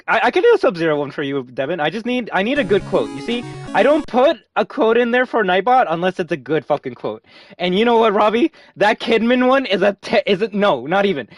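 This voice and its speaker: Excitable young male game streamer. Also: high-pitched, brisk, recorded from a distance. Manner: excitable, swears often, reads chat aloud. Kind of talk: casual live-stream chat. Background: game music.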